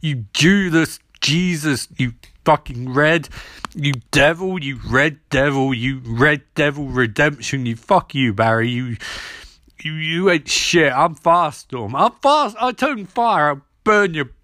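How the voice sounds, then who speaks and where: A hot-headed young male superhero, put on by a man, yelling in a high, shrill voice. He hurls insults at a lively, swooping pitch. The sound is dry and close. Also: a little slow, no room sound. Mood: furious.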